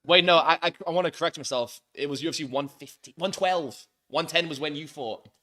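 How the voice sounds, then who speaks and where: A young Englishman with a bright, forceful voice pitched a touch high, trading jokes and fight trivia on a casual live stream. He talks quickly and playfully. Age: young adult. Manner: joking, nerdy about fight facts. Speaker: co-host. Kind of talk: casual chat while watching fights.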